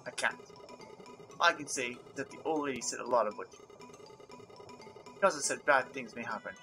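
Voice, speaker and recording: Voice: medium pitch, a little fast, natural voice. A person voicing a timid, apologetic non-human luggage handler from a video game, a talking head who speaks meekly. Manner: meek and apologetic. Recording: gameplay with music underneath.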